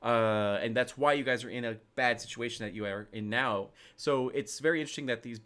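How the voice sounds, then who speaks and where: A man's voice: mid-range voice, brisk, fairly bright tone. A man narrating a tabletop role-playing game as game master, in a loose, rambling way with lots of fillers.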